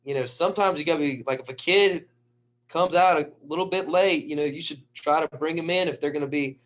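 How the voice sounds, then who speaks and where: A man, a high school wrestling coach, telling stories in a casual, animated way and acting out the lines of people in them. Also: a little fast. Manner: animated storyteller who acts out quotes. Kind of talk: casual storytelling. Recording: dull lo-fi recording.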